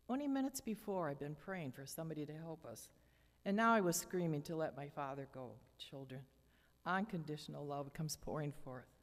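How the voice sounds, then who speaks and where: In a church hall with long reverb trailing her phrases, an older woman with a low, deep voice reads her memoir from a lectern. Her delivery is measured and dramatic, with lively intonation.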